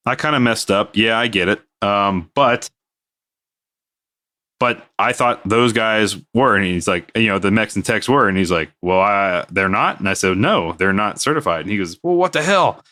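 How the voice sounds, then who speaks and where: In casual podcast chat, a man who co-hosts the show and works in aviation maintenance tells a story from his job. His fairly low voice moves at a moderate pace with a bright, forceful tone, and he acts out the people he quotes with big jumps in his voice.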